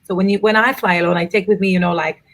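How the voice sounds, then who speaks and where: A middle-aged woman, an author and mother of four, chatting in an interview and telling travel stories with animated asides. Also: medium pitch. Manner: animated storyteller, quick asides. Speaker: author and guest. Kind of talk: casual interview chat.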